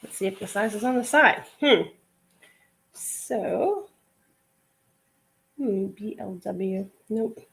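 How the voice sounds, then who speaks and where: A woman talks her way through a home live stream in a loose, rambling manner, filling gaps with easy fillers as she sorts clothes. Her voice sits at an ordinary middle pitch. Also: slow, creaky, long pauses. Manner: chatty and rambling, with many "like" fillers. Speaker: online reseller hosting a live stream. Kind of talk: casual live-stream chat while sorting items. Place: at home, sorting a pile of clothes.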